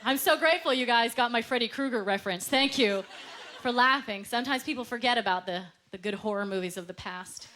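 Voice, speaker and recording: A high-voiced Canadian comedian performs a stand-up set on a comedy club stage before a live audience, speaking briskly. She's animated, laughs through her punchlines, and acts out quoted voices. It's a live club recording with crowd noise, audience laughter, and room sound.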